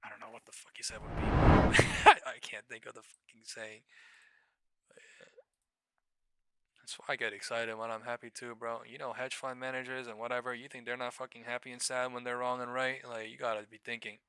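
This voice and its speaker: A man's voice: medium pitch, little pitch movement, a little fast, pushed and bright, clear, resonant tone. A man hosting a live trading stream, talking casually, swearing and laughing often as he rambles.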